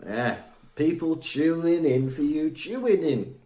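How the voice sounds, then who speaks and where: A man's voice: fairly high pitch, expressive, a little slow, warm tone. A Welsh man co-hosting a podcast, chatting and teasing in a casual way. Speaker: podcast co-host. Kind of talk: casual comedic chat. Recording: roomy echo.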